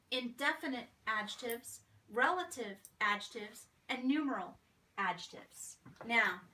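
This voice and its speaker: A woman's voice: fairly high pitch, pushed and bright. A woman teaching a grammar lesson to her children at home, patiently explaining with examples and checking in with "right?". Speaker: homeschool teacher. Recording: distant mic with faint noise.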